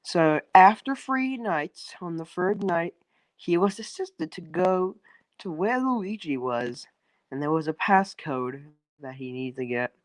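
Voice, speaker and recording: A man's voice: fairly high pitch, animated, takes it slowly, dry recording, low-quality recording. Rambling young man retelling fan lore. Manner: hesitant, full of restarts and "um"s, loose and swearing. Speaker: storyteller on a stream call. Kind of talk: rambling casual story retelling. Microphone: phone on an online call.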